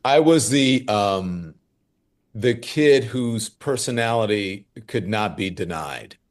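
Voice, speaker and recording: Deep-voiced animated man telling stories. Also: slow pace. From Louisiana. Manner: animated, lively storyteller who acts out quoted voices. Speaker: guest journalist. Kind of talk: conversational interview storytelling.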